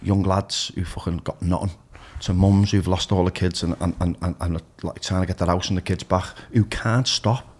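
A man's voice: low voice, steady tone, normal speed, few pauses, a little mellow, breathy edge. A man with a Liverpool accent, a DJ telling frank stories as a podcast guest, swearing freely and restarting his sentences. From Liverpool, England. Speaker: DJ and radio presenter, podcast guest. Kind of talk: candid storytelling in conversation.

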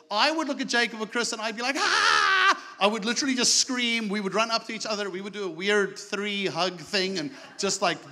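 A man preaching a sermon as pastor, telling a story with animated energy that rises into excited shouts. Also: high-pitched. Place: church sanctuary. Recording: echoey church hall.

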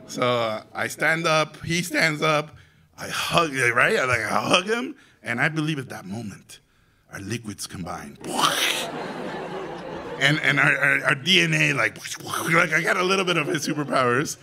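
A Mexican man, an animation director from Mexico, telling a story to an audience in an animated, theatrical way, with loud acted quotes. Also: fairly high pitch, moderate pace, vocal fry. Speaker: animation director and festival guest speaker.

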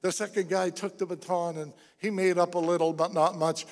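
A man with a high voice preaches in a church, his words ringing with a long reverb through the hall. He tells Bible stories and acts out the speakers' lines. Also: brisk. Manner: animated storytelling, acts out quoted voices. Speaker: pastor. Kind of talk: sermon. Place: church sanctuary.

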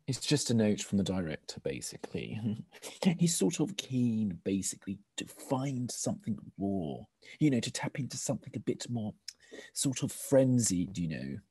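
An actor playing a flustered casting director who rambles with stammers and fillers. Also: male voice, medium pitch, very animated, darkish tone, breathy edge, no room sound. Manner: halting, stammering, filler-heavy.

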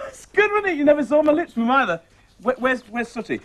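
A man's voice: extremely high pitch, sing-song, moderate pace, fairly bright tone, low-quality recording. Playful man chatting to puppets. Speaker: puppeteer host. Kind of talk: children's TV puppet comedy.

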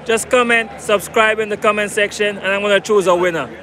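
High pitched guy doing live match commentary from the stands, keeps begging for likes, noisy outdoor crowd. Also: fairly even intonation, brisk. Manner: repetitive, hyping, begs for likes. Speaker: football fan livestreamer. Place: stadium stands among fans. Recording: loud crowd and outdoor noise. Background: stadium crowd.

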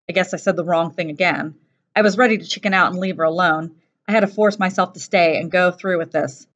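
A woman teacher reading a first-person novel aloud in a steady, plain storytelling voice. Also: on the low side, fast talker. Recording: dull lo-fi recording.

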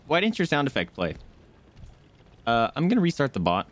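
A man live-streaming a game, chatting casually and excitably with his viewers from a home setup. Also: medium pitch, a little fast. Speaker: gaming streamer.

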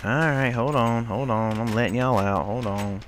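At normal speed and in a mid-range voice, a man casually comments on the game he's playing, with slight background noise. It's let's-play commentary full of exasperated grumbling, scolding of the on-screen characters he speaks to, and mild swearing.

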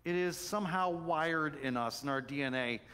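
Animated pastor preaching in a reverberant church. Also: male voice, fairly high pitch, normal speed. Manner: animated storytelling, swings from loud excitement to soft hushed tones. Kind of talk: sermon. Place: church sanctuary.

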